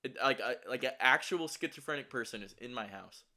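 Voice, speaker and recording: A young man tells a story in casual talk, rambling and swearing as he stumbles through restarts and fillers. He sounds shaky and anxious, and his pitch sits in an ordinary middle range. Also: fairly quick, bright, forceful tone.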